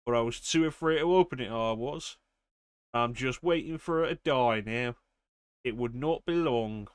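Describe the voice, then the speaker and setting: A man's voice: mid-range voice, moderate pace, clear, resonant tone, no room sound, clean studio sound. A man streaming a game, reading in-game diary notes aloud steadily and then chatting casually. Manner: reads steadily, then chats casually with fillers.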